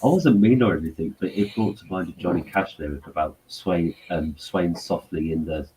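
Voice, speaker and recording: A man telling stories in casual chat, halting and rambling with many fillers. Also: low voice, warm tone, breathy edge, low-quality recording.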